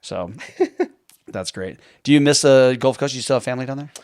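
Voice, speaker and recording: A man in his thirties from near Houston hosting a podcast interview, chatty and quick to laugh as he tells stories. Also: mid-range voice, a little mellow, no room sound, studio quality. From near Houston, Texas. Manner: chatty, storytelling, laughs easily. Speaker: podcast host. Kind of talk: casual conversational interview.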